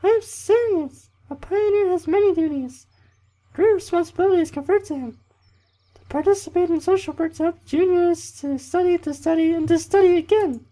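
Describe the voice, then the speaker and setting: A man reading the lines of a bossy, cheerful female camp leader in a strained falsetto, lecturing. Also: moderate pace, warm tone. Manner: lecturing, preachy.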